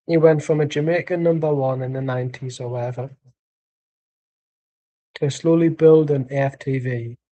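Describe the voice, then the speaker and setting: A man's voice: medium pitch, fairly even intonation, normal speed, pauses often, mellow. A man streaming a live football watchalong, giving dry, rambling chat and calling out plays. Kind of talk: casual match commentary and chat.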